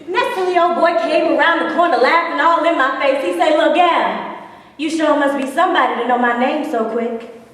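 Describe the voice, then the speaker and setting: An actress performing a theatrical monologue as a spirited woman recalling her defiant girlhood, swinging between hushed and bold. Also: sits high, a little fast. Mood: wistful. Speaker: stage actress. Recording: echoey hall, far from the mic.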